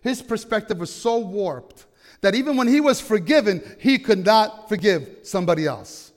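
A man's voice: high-pitched, animated, normal speed. Emphatic male pastor in a reverberant hall. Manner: emphatic, asks the congregation questions. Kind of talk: sermon. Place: church.

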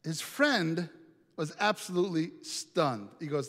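A man's voice: a little high, moderate pace, a bit bright. A man preaching a sermon, telling a story in a conversational way and asking the congregation questions. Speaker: pastor. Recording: echoey hall reverb.

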